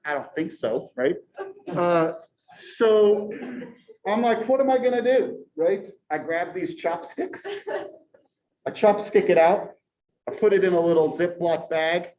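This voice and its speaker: A man in his forties, a college professor, telling a story to his class in a chatty, animated way and tagging nearly every sentence with a rhetorical question. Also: on the high side. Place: lecture classroom. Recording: echoey classroom recording.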